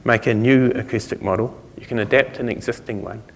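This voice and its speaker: This man's mid-range, fairly even voice moves briskly as he gives an informal, conversational technical talk at a conference. The hall where it was recorded leaves a long reverb.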